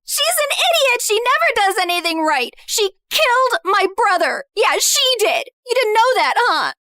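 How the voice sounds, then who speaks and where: A woman voicing a bitter, spiteful young woman who sneers and accuses in an animated story. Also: very high voice, normal speed, no room sound, clean studio sound, heavily acted. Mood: accusing.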